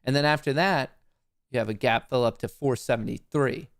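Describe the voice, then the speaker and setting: A man's voice: mid-range voice, a little fast, vocal fry, no room sound. A man hosting a live stock market stream, chatting in a joking, rambling, self-mocking way.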